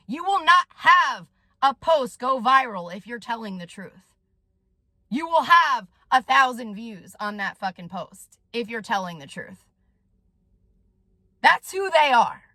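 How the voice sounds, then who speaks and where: A woman's voice: high-pitched, pushed and bright, dry recording. A woman vlogger ranting to her viewers in an agitated, profane way, often ending her sentences with "okay?". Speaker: vlogger and soul coach. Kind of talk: direct-to-camera rant.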